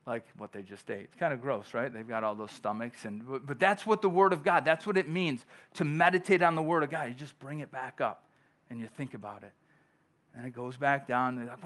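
A pastor preaching a conversational sermon in church, often checking in with "right?" and acting out the questions of churchgoers. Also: male voice, mid-range voice, a little fast, fairly bright tone. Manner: acts out quoted voices of churchgoers.

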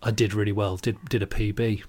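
A man's voice: lowish voice, little pitch movement, brisk, a little mellow. A man co-hosting a podcast, telling anecdotes in casual chat and laughing easily. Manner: chatty storyteller, laughs easily, many restarts. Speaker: podcast co-host.

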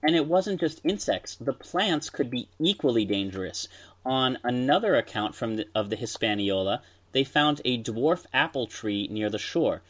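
Man, podcast host, casual storytelling, mid-range pitch. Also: animated, normal speed, fairly bright tone. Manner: storytelling, explains history with asides. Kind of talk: casual chat.

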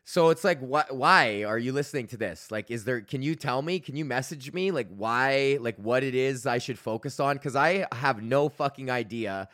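A man's voice: mid-range voice, normal speed, hardly any pauses, fairly bright tone, no room sound, clean studio sound. A man in his thirties hosting a podcast, rambling in a casual solo rant with heavy swearing and many fillers. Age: 30s. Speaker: podcast host.

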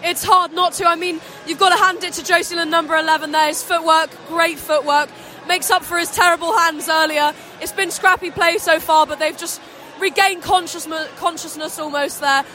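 A woman's voice: extremely high pitch, fairly even intonation, moderate pace, bright, forceful tone, a faint crowd. A young woman giving casual rugby co-commentary from a stadium stand, chatty and full of fillers. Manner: chatty, many "I mean" and "um" fillers. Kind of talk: casual match analysis.

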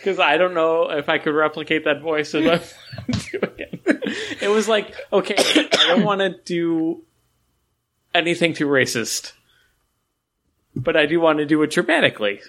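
A man co-hosting a casual comics podcast, jokey and animated. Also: on the high side, moderate pace. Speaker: podcast co-host. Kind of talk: casual chat about comics.

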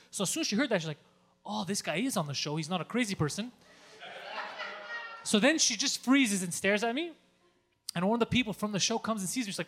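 Fast, high, bright-voiced profane storyteller man. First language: Greek. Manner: animated, profane, acts out his own yelling. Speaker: podcast co-host. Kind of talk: casual storytelling chat.

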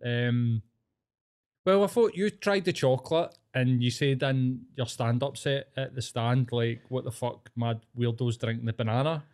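A man's voice: mid-range voice, a little slow, smooth. A young Scottish man co-hosting a podcast, swearing a lot as he rants in casual chat. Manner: sweary, ranting, animated. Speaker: podcast co-host.

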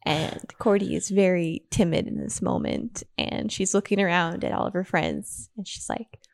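A woman playing a tabletop game who speaks in a hesitant, drawn-out way. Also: lowish voice, creaky. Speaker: player.

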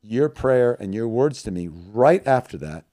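A man telling an emotional story about serving on the front lines and then praying, earnest and heartfelt, moving between loud emphasis and hushed tones. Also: medium pitch, lively intonation, unhurried. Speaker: missionary guest.

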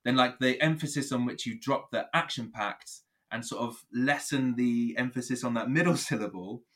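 A man's voice: mid-range voice, normal speed. Man playfully explaining rap rhyme. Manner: animated, playful teaching, laughs easily. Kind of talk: conversational explanation.

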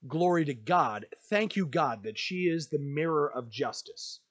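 A man's voice: a little high, expressive, measured pace. A man hosting a podcast, delivering an emphatic, ranting monologue with lots of repetition. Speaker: podcast host.

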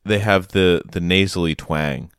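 A man co-hosting a podcast, chatting casually and making absurd deadpan jokes. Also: low-pitched, a little slow, clear, resonant tone, no room sound, clean studio sound. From United States. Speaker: podcast co-host. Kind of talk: casual chat.

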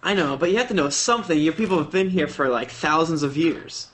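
A man's voice: on the high side, expressive, a little fast, a bit bright. A man playing a tabletop game, joking around and pressing others with questions. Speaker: player.

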